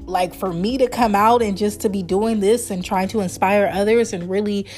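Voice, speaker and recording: A woman's voice: mid-range voice, steady tone, normal speed, darkish tone, faint music behind. A woman in her early thirties hosting her own podcast, talking in a chatty, rambling, heartfelt way and laughing often. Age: 30s. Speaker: podcast host. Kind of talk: casual solo podcast chat.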